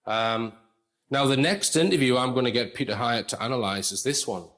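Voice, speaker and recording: A man's voice: medium pitch, moderate pace, a bit bright. A man presenting an analytical commentary in a conversational way, explaining with asides.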